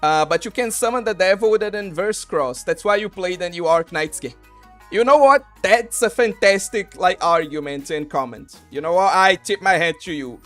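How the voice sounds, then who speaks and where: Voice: medium pitch, normal speed, few pauses, fairly bright tone, faint music behind. A streamer chatting casually through a game, rambling, swearing and filling gaps with "like" and restarts. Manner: rambling, loose and profane, with many "like"s and restarts. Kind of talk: casual live-stream commentary.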